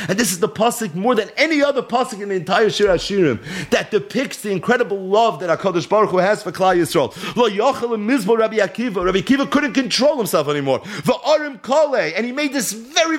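A man teaching a Talmud lecture. He reads Aramaic text aloud, then translates it and tells the story with animated energy. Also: high-pitched. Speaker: Torah teacher.

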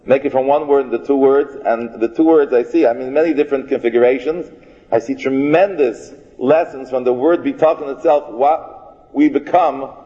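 A man's voice: medium pitch, dark tone. Man giving a folksy Torah lecture. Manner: folksy, joking, restarts phrases, mixes in Hebrew and Yiddish words. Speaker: rabbi teaching a class. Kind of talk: Torah lecture to a live audience. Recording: dull, reverberant hall recording.

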